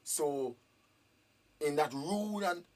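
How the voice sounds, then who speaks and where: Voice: mid-range voice, expressive, drawn-out words, darkish tone. A parent questioning school staff in a meeting, repeating the same pointed questions and demanding answers. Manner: repetitive, demanding, raised emphatic questions.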